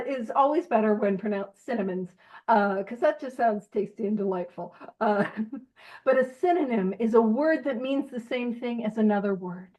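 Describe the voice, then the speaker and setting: A woman's voice: fairly high pitch, rough recording. A woman leading a recovery study group in a casual teaching talk, chatty and self-deprecating, laughing often as she goes.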